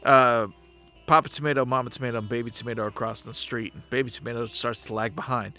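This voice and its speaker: A drunk man co-hosting a casual film podcast, loud, swearing and laughing a lot. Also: medium pitch, steady tone, fast, faint music behind. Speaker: podcast co-host.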